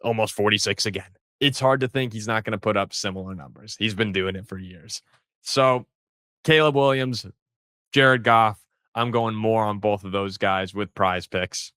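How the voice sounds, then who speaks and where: A man's voice: fairly low pitch, normal speed, pushed and bright, clean tone, dry recording, clean studio sound. A man hosting a sports show, talking football in a casual, rambling way with frequent restarts.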